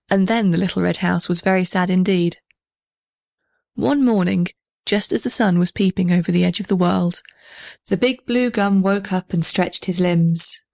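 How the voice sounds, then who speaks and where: A woman's voice: lowish voice, creaky, a little mellow, no room sound, studio quality. Woman reading a children's story.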